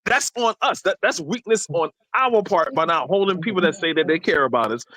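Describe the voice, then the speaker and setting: A man's voice: on the high side, expressive, brisk, sharp tone, no echo, rough recording. Male panelist, emphatic and argumentative, talks over others, remote call audio. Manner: emphatic, argumentative, frequent restarts. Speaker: podcast co-host. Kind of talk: heated panel debate.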